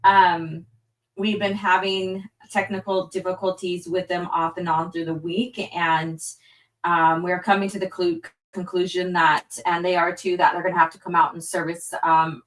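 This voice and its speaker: A woman's voice: on the low side, flat delivery, moderate pace, fairly bright tone, distant mic. A woman hosting a casual livestream chat, rambling and apologetic with many fillers. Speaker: livestream host. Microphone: phone hotspot stream.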